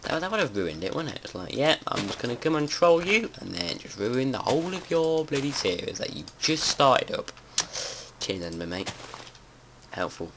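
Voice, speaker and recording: A man giving casual let's-play commentary, chatty and prone to swearing and panicked yelling. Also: mid-range voice, big pitch swings, normal speed. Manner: chatty, swears a lot, panics and yells when startled. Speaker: gameplay commentator. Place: home room with window open. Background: faint outdoor noise and keyboard typing.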